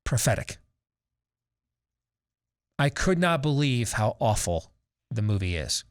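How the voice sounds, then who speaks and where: A man's voice: medium pitch, sing-song, slow pace. Sarcastic ranting talk show host man. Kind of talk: opinionated talk show commentary.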